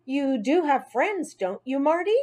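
A woman's voice: high-pitched, very animated, measured pace, pitched above the performer's own voice. Woman doing a kindly, firm grown man. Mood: coaxing. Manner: coaxing, gently firm.

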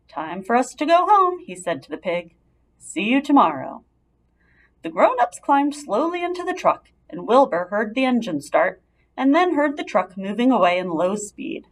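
A woman narrating a storybook aloud in a steady, expressive way. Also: mid-range voice, husky.

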